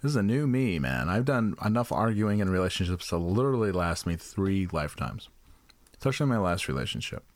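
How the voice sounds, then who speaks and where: Low-voiced man riffing in casual chat. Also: big pitch swings, fairly quick, no room sound. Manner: profane, rambling, jokey storytelling. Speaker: podcast co-host.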